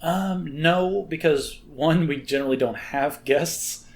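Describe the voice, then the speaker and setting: A man's voice: on the high side, slow pace. A man co-hosting a podcast in casual chat, teasing and joking with his friend. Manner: teasing, jokey, animated. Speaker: podcast co-host.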